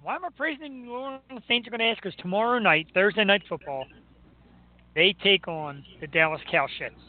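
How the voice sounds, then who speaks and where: A man hosting a talk show, chatting and ranting about sports in an excitable, joking way. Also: high voice, brisk. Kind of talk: casual sports rant and chat. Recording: tinny phone-like line with faint noise.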